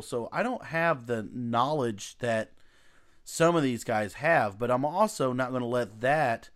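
A man hosting a casual podcast chat, talking emphatically and bluntly with quick restarts. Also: mid-range voice. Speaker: podcast host.

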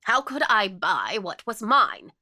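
A woman's voice: on the low side, very animated, normal speed, sharp tone, no room sound, clean studio sound, heavily acted. A woman voicing an eccentric, possessive old spinster in a spoken story, shifting between wistful whispers and jealous wails. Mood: secretive.

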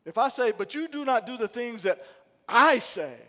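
High-voiced pastor man preaching to the church, asks the room questions, gets loud and emphatic, big echoey hall. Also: lively intonation, moderate pace. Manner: call-and-response preaching, rising to emphatic bursts. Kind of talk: sermon. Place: church sanctuary.

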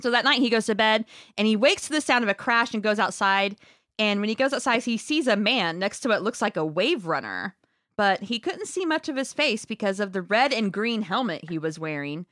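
A woman's voice: medium pitch, lively intonation, a little fast, fairly bright tone, no echo. Casting: woman, casual podcast host, laughing storyteller, close dry mic. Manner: storytelling, laughing, profane asides. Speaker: podcast host recapping a book. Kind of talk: casual chat.

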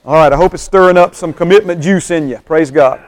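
A man teaching a Bible class as a pastor, animated, often checking in with his listeners. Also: a little high, brisk.

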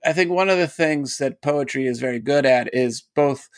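A man's voice: medium pitch, normal speed, no echo. A man, a poet and teacher, talks as a guest in an interview and explains ideas eagerly, laughing often. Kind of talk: casual interview talk.

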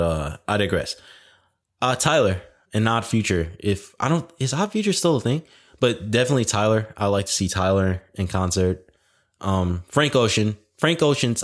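A man's voice: on the low side, big pitch swings, moderate pace. A young man hosting a podcast alone, rambling in casual chat, packed with "like" fillers and frequent swearing. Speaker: podcast host.

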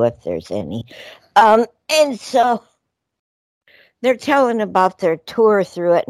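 A woman's voice: low-pitched, a little mellow, no room sound. A woman co-hosting a radio talk show, telling a story in a meandering, chatty way with many fillers. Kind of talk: casual radio chat.

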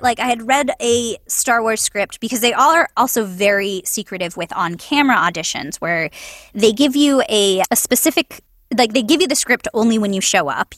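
Young woman, voice actress guest, high-pitched, dry close mic, lively storytelling, laughs a lot. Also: no room sound. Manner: animated storyteller, laughs often, acts out quoted voices. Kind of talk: casual interview chat.

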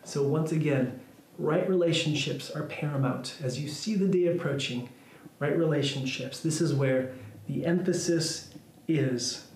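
A man preaching a casual, conversational sermon, his voice sitting a little higher than most men's. He thinks aloud, circling back and restarting phrases as he goes. The room around him rings with noticeable echo. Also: a little slow, a little mellow, a little hiss or hum. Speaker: pastor.

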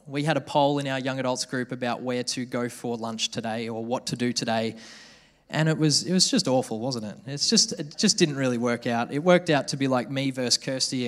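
A young man preaching a sermon, telling a story with lively mimicked voices. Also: on the high side.

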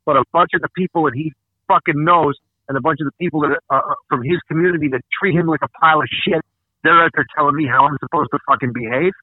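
A man's voice: fairly high pitch, fast talker, slightly rough, no echo. A man hosting a podcast, ranting angrily and profanely with lots of emphatic repetition. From Canada. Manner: angry, profane, emphatic ranting with repeated words. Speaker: podcast host. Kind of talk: casual podcast rant. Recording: tinny phone-like dry sound.

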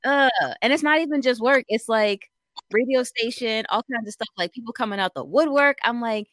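A woman's voice: fairly high pitch, lively intonation, a little fast, a bit bright, no room sound, studio quality. A young woman co-hosting a radio talk show, chatting casually, laughing often and venting in an exasperated way.

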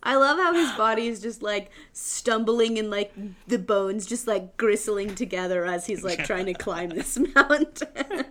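A young woman co-hosting a casual book chat, enthusiastic and quick to laugh. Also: mid-range voice, lively intonation, a bit bright. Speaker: book club podcast co-host.

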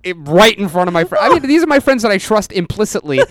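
A man's voice: high voice, sing-song, fast talker, a crowd in the background. A young man telling a story in casual chat. He acts out the quotes and laughs partway through sentences.

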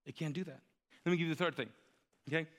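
A man preaching a sermon as pastor, animated and joking, growing louder and higher as he tells a story. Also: fast. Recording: reverberant hall.

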